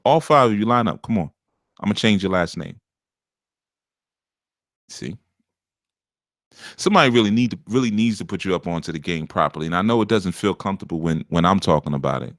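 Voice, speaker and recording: A man with a deep, rough, gravelly voice and a slight scratchiness up top, giving relationship advice as a spiritual teacher in a blunt, punchy, unscripted monologue. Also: lively intonation, brisk, long pauses, no echo, studio quality. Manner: punchy, forceful, lecturing.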